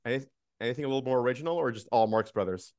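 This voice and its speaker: Two or three sentences: A man on a podcast talks in a loose, rambling way, full of restarts and teasing asides. His pitch sits in the middle for a man. The room sound is dry and close. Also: racing, darkish tone, dry recording. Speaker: podcast co-host. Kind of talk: casual chat.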